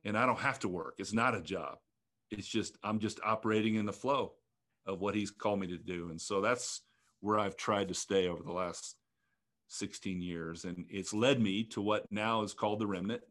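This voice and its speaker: A man in his fifties, a ministry leader, telling a personal testimony in an earnest, reflective way, often halting and restarting. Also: on the low side, fairly even intonation, fairly bright tone.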